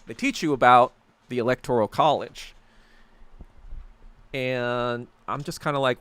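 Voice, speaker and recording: A man's voice: medium pitch, a little slow, pauses often, fairly bright tone, clear, resonant tone. A man hosting a casual podcast chat, rambling and sarcastic, swearing often as he reads and answers viewer comments. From New York. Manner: rambling, profane, sarcastic ranting. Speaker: podcast host.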